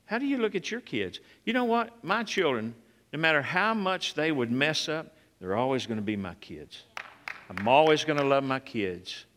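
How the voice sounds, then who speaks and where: Pastor, male, a bit high and bright, calls out to the congregation, preaches loud then hushed. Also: big pitch swings, moderate pace. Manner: emphatic, rises loud and high on key points, drops soft and low for quiet moments. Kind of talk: sermon. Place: church sanctuary. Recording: long hall reverb.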